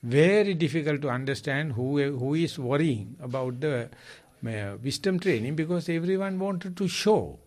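A man, a Buddhist monk giving a dharma talk in halting English, with restarts and repeated words. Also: fairly high pitch. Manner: lively, halting non-native English with repeats.

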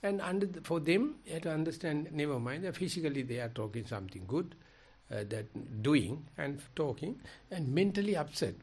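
A man taking part in a dharma discussion as a meditation teacher, talking in an animated, emphatic, storytelling way with big swings in pitch and loudness. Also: brisk, slightly rough.

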